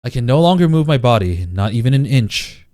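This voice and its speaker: Here the streamer's mid-range voice is mellow yet very animated, moving a little fast. He gives a dramatic reading of a visual novel, pausing for bursts of laughter while game music runs underneath.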